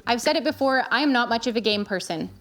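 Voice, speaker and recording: A woman's voice: fairly high pitch, animated, quick pace, fairly bright tone. A woman in her thirties talking to camera as a parent, recommending gifts in an earnest, chatty way. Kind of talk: casual review vlog. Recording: faint music behind.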